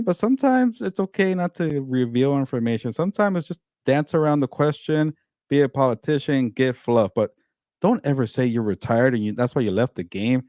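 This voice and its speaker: A man's voice: medium pitch, dry recording, studio quality. A man co-hosting a casual sports talk show, ranting emphatically about football. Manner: animated, emphatic rants. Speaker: co-host.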